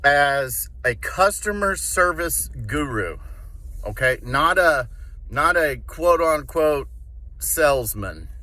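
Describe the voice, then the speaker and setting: Man, sales trainer, bright forceful voice, slightly high, emphatic, casual. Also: animated, slow pace, dry recording. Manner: emphatic, checks in with "okay?" and "all right?"; casual, swears now and then. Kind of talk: instructional talk.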